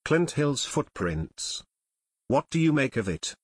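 Audiobook: excitable young sleuth read by a man; dry, close mic. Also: medium pitch, takes it slowly, breathy edge, no echo, exaggerated voice. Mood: excited. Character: eager, excitable teenage boy detective.

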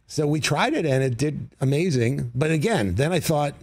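A middle-aged man, a comedy writer, telling stories as a guest in a studio interview, animated and breaking into voices. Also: medium pitch, brisk, hardly any pauses, no room sound. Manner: animated, slips into character voices. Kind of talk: casual interview storytelling. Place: radio studio.

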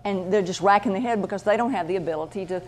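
Woman, animal medium, casual anecdotal talk, lively and chatty, mid-range voice. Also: mid-range voice, very fast, a little hiss or hum. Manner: chatty, animated, acts out voices in her stories.

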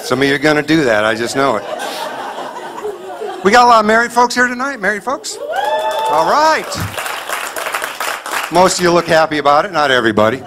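A man's voice: on the high side, huge pitch swings, brisk, pauses often, a crowd in the background, noisy background. A man doing a clean stand-up set before a live audience, telling punchy stories with mock dialogue. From Kansas City area, US. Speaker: stand-up comedian. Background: audience laughter.

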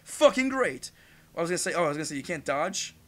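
A young man giving casual, rambling gameplay commentary as a channel host, swearing freely and jumping into loud outbursts. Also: a little high, fairly even intonation, racing.

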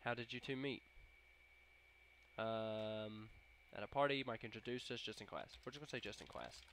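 A young man doing let's play commentary, with excitable, jokey and profane reactions. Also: lowish voice, normal speed, a little hiss or hum. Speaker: gameplay commentator.

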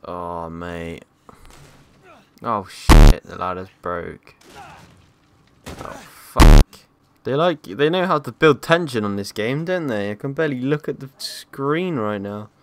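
A man's voice: medium pitch, big pitch swings, moderate pace, hardly any pauses, heavy background noise. A young man playing a horror game, narrating his gameplay, jumpy and swearing and yelping at scares. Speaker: gaming YouTuber.

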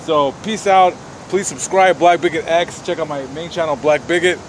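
A man's voice: a little high, moderate pace, a little hiss or hum. A tired man rambling and ranting crudely in a vlog, recorded outdoors in a city. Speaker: vlogger.

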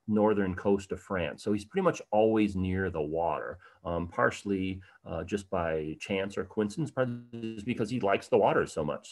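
A man presenting a livestreamed art history program in a casual, conversational way, with many fillers and moments of animated emphasis. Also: fairly low pitch. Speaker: tour guide presenting an online program.

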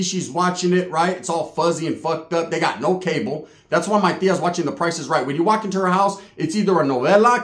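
A man telling a slangy, profane comedic story, full of punchy asides. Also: high-pitched. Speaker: comic storyteller. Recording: roomy echo.

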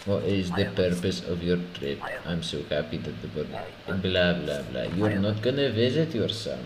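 A man's voice: low-pitched, expressive, a little slow. A man doing a curt Polish border inspector. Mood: mocking. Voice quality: clipped broken English. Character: curt stern male border inspector, broken English. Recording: roomy with background noise.

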